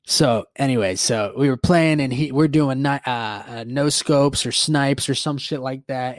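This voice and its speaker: A man in his twenties hosting a podcast, telling a story in a rambling, profane, animated way. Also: mid-range voice, no echo, studio quality. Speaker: podcast host. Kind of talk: casual storytelling monologue.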